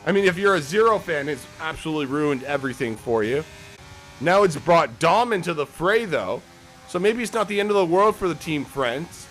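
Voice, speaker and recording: A man's voice: a little high, animated, moderate pace, fairly bright tone, soft background music. A man giving casual, joking live commentary on a sim race, swearing freely as he calls the action.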